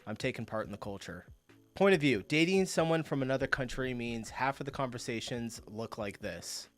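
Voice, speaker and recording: A man's voice: mid-range voice, animated, moderate pace, faint music behind. Man hosting a reaction vlog, easygoing and incredulous, in a middle register. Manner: chatty, laughs often, bursts of disbelief. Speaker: reaction video host. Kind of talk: casual commentary reacting to clips.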